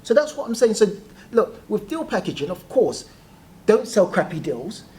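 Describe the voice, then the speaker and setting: A guest telling stories in a casual interview, animated and quick to laugh. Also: medium pitch. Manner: animated, laughing, acts out quoted voices. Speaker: guest, property deal trainer.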